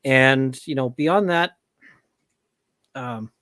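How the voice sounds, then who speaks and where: A man co-hosting a livestream, speaking in a halting, soft-spoken way with many fillers. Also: mid-range voice, smooth, no echo. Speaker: co-host. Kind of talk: casual livestream chat.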